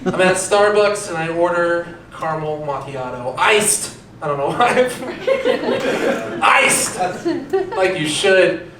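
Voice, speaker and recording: A young man with a higher-pitched voice does a self-deprecating stand-up set at a moderate pace, chatting with the audience and quizzing them. The comedy club sounds echoey and distant, with heavy background noise and the crowd laughing.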